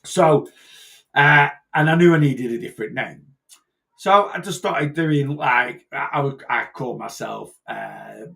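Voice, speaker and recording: A man with a gravelly edge to his mid-pitched voice, chatting casually as a personal trainer. He rambles, trips over his own starts and repeats phrases as he goes. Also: fairly bright tone. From north-west England. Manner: rambling, repeats and restarts himself. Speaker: personal trainer and weight-loss coach.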